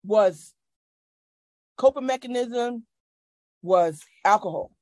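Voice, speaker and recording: A woman's voice: medium pitch, slow pace, darkish tone, no echo. A middle-aged woman, a guest on a podcast, speaks earnestly about her faith over a video call, often restarting her sentences. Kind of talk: casual conversation.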